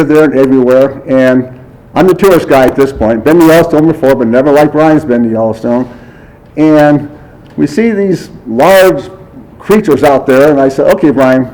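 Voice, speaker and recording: A man's voice: medium pitch, a little mellow, rough recording. A man giving a eulogy for a friend at a memorial service, telling anecdotes in a chatty way, acting out bits of dialogue and chuckling often. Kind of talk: memorial speech, anecdotal storytelling.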